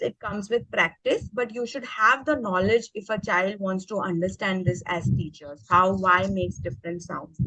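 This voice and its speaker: A woman's voice: on the high side, fairly bright tone, no room sound, poor audio. A woman leading an online teacher workshop. She speaks with energy and keeps checking in with the group by asking "okay?". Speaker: teacher trainer. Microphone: video call.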